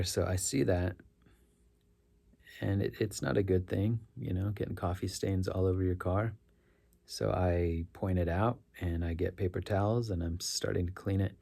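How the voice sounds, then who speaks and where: A man's voice: deep voice, steady tone, normal speed, vocal fry, mellow. A middle-aged man, a rideshare driver, telling a story casually and earnestly, rambling and correcting himself as he goes. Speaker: rideshare driver sharing stories.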